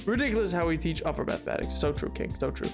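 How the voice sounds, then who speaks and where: Excitable high-voiced young man streaming. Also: rapid-fire, vocal fry, music in the background. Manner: excitable, jokey, swings from mumbling to shouting. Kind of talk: casual live-stream chatter while gaming.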